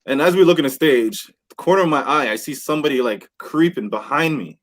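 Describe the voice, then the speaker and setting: Animated storytelling man, high voice. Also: brisk. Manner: animated, swears a lot, acts out quotes. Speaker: podcast host. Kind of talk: casual storytelling among friends. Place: indoor podcast room with friends.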